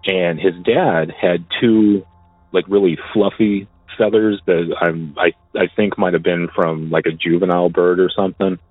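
A man casually telling a personal story, halting and often repeating his words as he goes. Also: low-pitched, no echo. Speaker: caller sharing a personal story. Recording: tinny phone line, dry.

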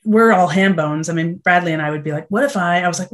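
A middle-aged actress chatting as an interview guest, telling lively stories and acting out what people said. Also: female voice, on the low side, quick pace. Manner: animated storytelling, acts out quotes. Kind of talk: casual interview chat.

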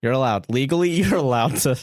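A man's voice: medium pitch, brisk, darkish tone, dry recording, studio quality. A young man co-hosting a podcast, talking in casual, crude banter, often joking and laughing. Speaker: podcast co-host.

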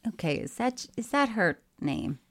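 In a sing-song, mid-range voice at normal speed, a podcast co-host chats casually. She reads letters from listeners aloud, stressing odd words in a quirky way, and laughs a lot.

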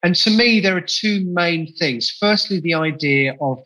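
Here a male musician answers podcast interview questions at a measured pace, sounding both enthusiastic and reflective and frequently starting phrases over. The pitch is on the high side and the tone sharp, captured in a rough recording.

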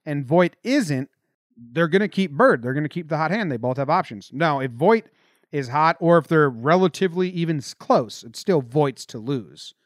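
A young man co-hosting a sports podcast, talking in a quick, opinionated, loose way. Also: fairly high pitch, no room sound, studio quality. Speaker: podcast co-host. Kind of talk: casual sports podcast chat.

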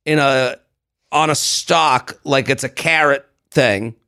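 A man co-hosting a casual podcast chat, telling stories in an animated way and swearing freely. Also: mid-range voice, slow pace, vocal fry. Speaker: podcast co-host.

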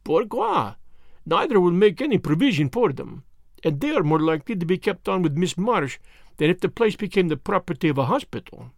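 Man doing a fussy detective, high lively voice, theatrical, audiobook. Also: gravelly, dry recording, clean studio sound, exaggerated voice. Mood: brisk. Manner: theatrical, exclamatory, fastidious. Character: fussy, excitable Belgian detective, middle-aged man. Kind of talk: audiobook character voice.

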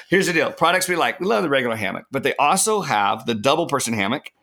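Emphatic, bright-toned middle-aged man. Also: medium pitch, sing-song, fairly quick, gravelly. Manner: enthusiastic, emphatic, plays up words. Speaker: podcast co-host. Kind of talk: casual gift-guide chat.

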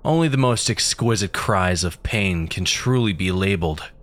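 A booming skeletal demon, as a male narrator puts it on, cruel and hungry for flesh. It growls its words out slowly and low, savoring every threat in a storybook horror tale. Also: lively intonation, a bit bright. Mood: menacing.

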